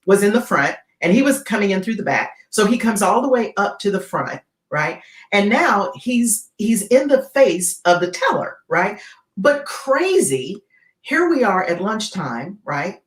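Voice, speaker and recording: A woman's voice: medium pitch, a little slow. A woman who is a guest keynote speaker, telling a dramatic story in an interview and often checking in with "right?". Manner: animated, keeps checking in with "right?". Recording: roomy echo.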